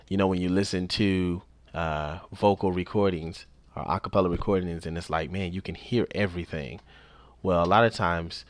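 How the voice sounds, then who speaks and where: A man with a deep, low voice talks through a tutorial in a relaxed, easygoing way. He explains things step by step and repeats key points. The sound is close and dry, with no room echo. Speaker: instructor. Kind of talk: casual spoken tutorial.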